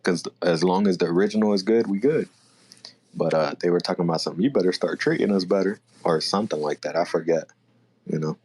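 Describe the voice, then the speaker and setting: A man co-hosting a podcast, chatting casually about a manga chapter and thinking out loud as he goes. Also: deep voice, fast talker, breathy edge. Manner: laid-back, thinks aloud, self-correcting. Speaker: podcast co-host.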